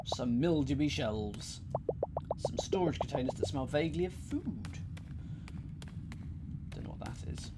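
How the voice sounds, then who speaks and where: A man's voice: fairly high pitch, animated, moderate pace, pauses often, very noisy. A man casually commenting as he plays a puzzle game, with self-deprecating jokes and mumbled thinking aloud. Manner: self-deprecating, jokey asides. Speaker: let's-play host.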